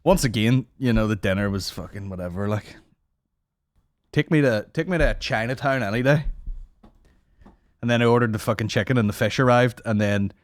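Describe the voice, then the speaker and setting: A man's voice: lowish voice, no room sound, clean studio sound. A man, hosting a comedy podcast and telling a rambling, mocking, sweary story in casual chat. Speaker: podcast host.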